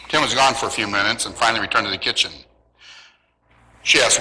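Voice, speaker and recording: A man's voice: fairly low pitch, fast talker, long pauses, bright, forceful tone, big-room sound, rough recording. A man preaching a sermon in a church, telling stories with a light, joking touch. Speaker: pastor. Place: church in Southern California.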